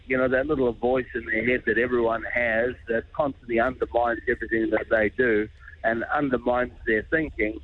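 Middle-aged kiwi guy, husky voice, passionate and straight-talking, bit of a dull radio sound. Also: mid-range voice. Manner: earnest, passionate, informal. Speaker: charity founder guest. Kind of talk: radio interview.

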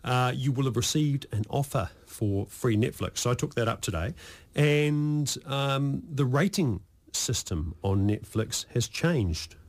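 A man's voice: mid-range voice, expressive, measured pace. A New man hosting a casual radio chat, joking and often stumbling and restarting his sentences. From New Zealand. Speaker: radio host.

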